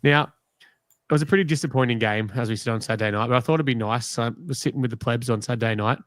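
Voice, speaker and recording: A man's voice: mid-range voice, quick pace, fairly bright tone, no echo. An Australian man hosting a casual live podcast, teasing and joking with his panel. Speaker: podcast host. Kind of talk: casual live-stream chat.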